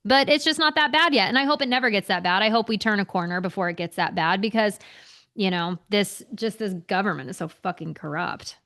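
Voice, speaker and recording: A woman's voice: medium pitch, fairly quick, fairly bright tone. A young adult woman co-hosting a podcast, ranting heatedly in casual chat and swearing a lot. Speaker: podcast co-host.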